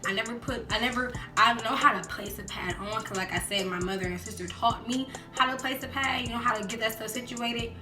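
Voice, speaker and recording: A young woman chatting casually in a storytime vlog, acting out quotes in lively voices. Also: on the high side, brisk, few pauses. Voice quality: animated, acts out quotes in voices. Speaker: vlogger. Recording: roomy echo with background music.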